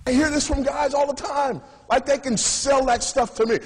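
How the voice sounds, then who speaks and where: A man's voice: extremely high pitch, animated, moderate pace, hardly any pauses, slightly rough. A man hosting a TV show, giving preachy commentary in an emphatic, sarcastic way. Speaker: TV show host.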